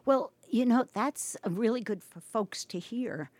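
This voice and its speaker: A woman's voice: fairly high pitch, unhurried, darkish tone, no room sound. A woman hosting a local radio arts show, chatting with guests and asking follow-up questions. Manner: conversational, asks follow-up questions. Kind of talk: casual radio interview.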